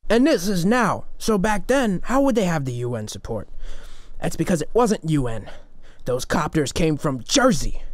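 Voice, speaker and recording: A man plays a blowhard conspiracy radio host who rambles and stammers through his theories with total self-assurance. His voice sits a little high, and the sound is dry and close. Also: no echo. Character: blustering paranoid male conspiracy talk-radio host. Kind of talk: comedic talk-radio parody.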